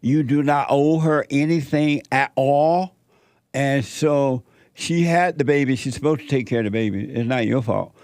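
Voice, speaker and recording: A man's voice: medium pitch, moderate pace, darkish tone, no echo, studio quality. A middle-aged man hosting a call-in show, giving firm spiritual advice in short repeated commands. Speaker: radio call-in host giving life advice.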